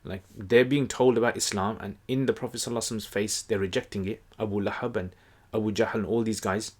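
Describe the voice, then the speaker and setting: A man explains a text in a relaxed, conversational teaching manner. His voice sits a little low, and he pauses often with fillers and restarts mid-sentence. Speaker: Quran teacher. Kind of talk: casual explanatory lesson.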